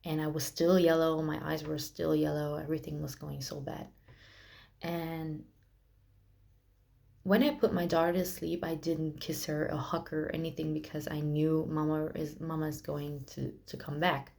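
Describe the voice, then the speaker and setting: Low-pitched young woman telling her story slow, emotional, lots of restarts. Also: gravelly, darkish tone. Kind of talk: personal storytelling vlog.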